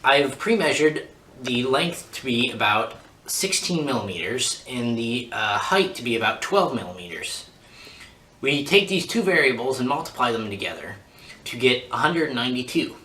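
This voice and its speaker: Male mock reporter, upbeat explainer, lively bright voice, echoey room. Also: medium pitch, normal speed, slight background noise. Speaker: field reporter. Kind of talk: mock news segment, explaining math.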